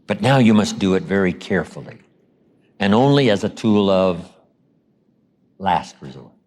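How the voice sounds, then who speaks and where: Animated male motivational speaker. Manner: animated storytelling, acts out quoted lines; slows down and drops low for emphasis. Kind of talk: seminar lecture.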